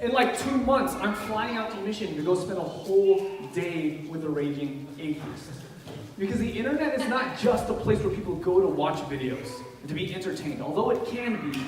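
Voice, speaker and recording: A man preaching a sermon in a church, telling stories and acting out the people in them. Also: high voice. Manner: animated, playacts the people in his stories. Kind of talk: sermon with storytelling. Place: church hall. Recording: echoey hall, from far off.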